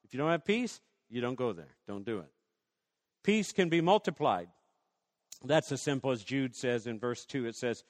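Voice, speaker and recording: A man preaching a sermon as pastor, swinging from loud rallying questions to soft asides. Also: medium pitch, lively intonation, normal speed, in a large hall.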